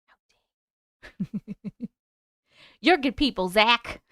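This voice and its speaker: A woman with a New York accent hosts a relaxed livestream, rambling cheerfully and calling out viewers by name. Her voice sits high and rings smooth and clear. The sound is close and dry, with no room echo. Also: measured pace, pauses often. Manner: chatty, rambling, greets viewers by name, casual swearing. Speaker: livestream host and storyteller. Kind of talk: casual livestream chat.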